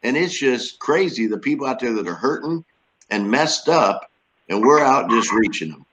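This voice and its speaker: A man's voice: mid-range voice, lively intonation, moderate pace, a bit bright, poor audio. A man in lay ministry describing his work in a plainspoken, folksy, rambling way. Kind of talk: casual chat.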